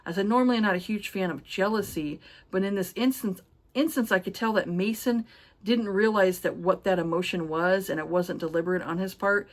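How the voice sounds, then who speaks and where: A woman's voice: medium pitch, a little fast. A woman chatting casually about a book she loved, rambling and gushing with many fillers and read-out notes. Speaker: book reviewer. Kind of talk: casual book review chat.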